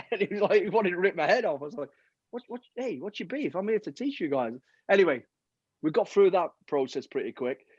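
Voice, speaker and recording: Bloke on earbuds telling war stories, does the voices, swears a bit, muffled dry sound. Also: male voice, a little high, no room sound. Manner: animated anecdotes, acts out quoted voices, casual swearing. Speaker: guest, ex-soldier. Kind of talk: storytelling interview on a video call. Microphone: earbuds on a video call. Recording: dull, dry video-call audio.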